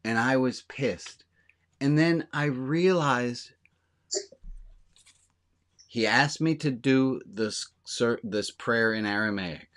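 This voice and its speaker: A man playing a rabbi talks slowly with long pauses, in a medium-pitched voice with a fairly bright tone. He addresses a small congregation directly in a frank, plainspoken, conversational sermon.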